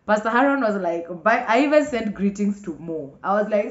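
A young Kenyan woman telling a personal story to camera, animated and acting out what others said. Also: fairly quick, a little hiss or hum. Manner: animated, acts out others' lines with big pitch jumps. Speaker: vlogger. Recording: echoey room, muffled lo-fi sound.

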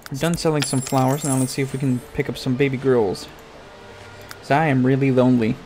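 A man's voice: mid-range voice, flat delivery, a little fast, a little mellow, a little hiss or hum. Foul-mouthed exasperated gamer man. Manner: crude, exasperated ranting at the game; swears constantly, talks to his game character. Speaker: gaming YouTuber. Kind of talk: profane Let's Play commentary.

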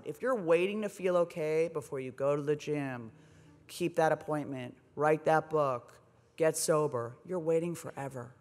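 A woman in her forties tells her own story on stage in a wry, self-deprecating way, keeping things animated and funny. Her voice carries a long reverb from a large hotel ballroom. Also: low voice, measured pace. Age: 40s. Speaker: speaker. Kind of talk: comedic speech at a gala.

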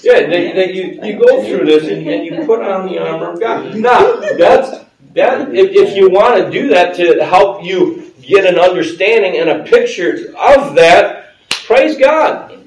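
Man, pastor, high voice, conversational sermon, quick laughs, roomy church sound, distant mic. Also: expressive. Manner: conversational, laughs often, asks the congregation questions. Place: church sanctuary with congregation.

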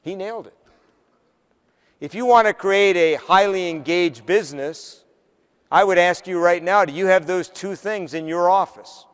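A man giving a keynote speech, telling stories in an animated, conversational way with humor. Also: high-pitched, moderate pace, clean tone. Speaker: keynote speaker. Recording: long hall reverb.

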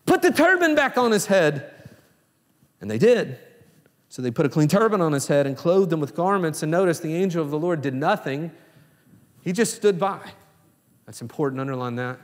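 A man preaching a sermon as pastor, swinging between hushed low lines and raised, emphatic exclamations. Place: church sanctuary. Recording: long reverb in a church hall.

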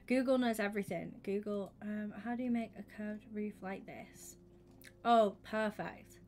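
A young woman livestreaming a game, chatting with her viewers and thinking out loud, often slipping into a whisper. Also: mid-range voice, unhurried, a little hiss or hum. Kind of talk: casual gaming stream chat.

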